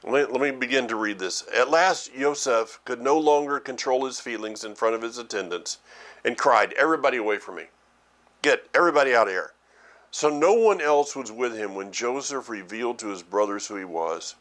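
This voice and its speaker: Middle-aged male preacher, mid-pitched, halting earnest delivery, thinks aloud, repeats words. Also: lively intonation, fairly bright tone. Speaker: ministry teacher. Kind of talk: sermon.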